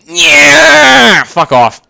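A young man commenting on his gameplay, short-tempered and cursing, yelling at the game. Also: very high voice, wildly swooping pitch, extremely slow, vocal fry. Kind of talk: gaming commentary. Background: gunfire from the game.

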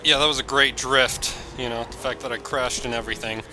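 A man giving excitable, jokey gameplay commentary, yelping and shouting whenever he crashes. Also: mid-range voice, a little fast, soft background music. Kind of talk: let's play commentary.

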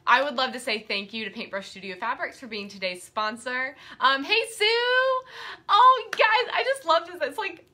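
Bubbly bright-voiced woman quilting host. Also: high-pitched, moderate pace, few pauses. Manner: bubbly, excitable, easily sidetracked. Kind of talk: live-streamed class chat.

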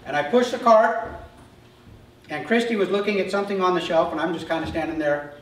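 A middle-aged male pastor preaching a sermon, telling self-deprecating stories in an animated way. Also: high voice, fairly quick. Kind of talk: sermon with humorous personal stories. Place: church sanctuary. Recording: echoey hall, mic from far off.

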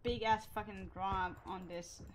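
A woman with a Swedish accent chatting excitably while streaming a battle royale game, laughing and swearing. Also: medium pitch, measured pace, a little hiss or hum. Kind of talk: casual gaming chat.

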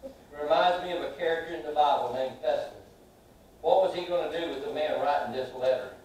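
Pastor preaching in an echoey sanctuary. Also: male voice, a little high, distant mic, slight background noise. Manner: swings from loud, drawn-out shouts to soft asides; asks the congregation questions and has them repeat after him. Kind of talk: sermon. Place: large church sanctuary. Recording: very echoey hall, heard from afar.

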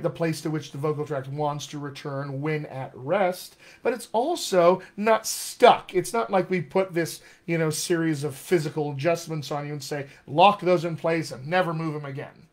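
A man working as a dialect coach, teaching a live session from a home room in a chatty, animated way and talking straight to his viewers. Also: on the high side.

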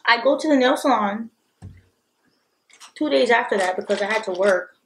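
A young woman telling a story in a casual mukbang vlog, blunt and animated, with frequent swearing. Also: fairly high pitch, normal speed, a little hiss or hum. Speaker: vlogger.

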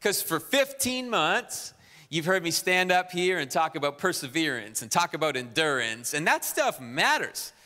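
Energetic pastor in a bright, reverberant hall. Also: male voice, fairly high pitch, moderate pace. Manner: energetic, exhorting the crowd. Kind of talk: sermon announcements. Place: church auditorium. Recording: long reverb in a large hall.

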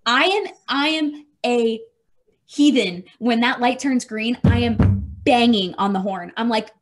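A woman co-hosting a podcast, telling a story in a lively, profane, casual way. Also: fairly high pitch, unhurried. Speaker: podcast co-host. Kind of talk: casual chat.

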